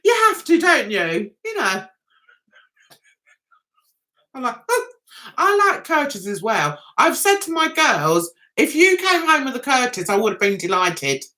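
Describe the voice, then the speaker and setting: A woman's voice: fairly high pitch, big pitch swings, moderate pace, pushed and bright. A middle-aged British woman hosting a casual live-stream chat, reading out viewers' comments and laughing at herself. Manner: giggly, chatty, often laughs at herself.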